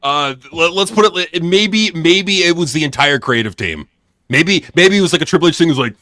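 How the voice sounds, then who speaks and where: A man's voice: fairly high pitch, animated, a little fast, sharp tone, dry recording. Sneering, swearing man on a dry mic. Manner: profane, sneering, laughs often. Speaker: podcast co-host. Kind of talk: crude casual news chat.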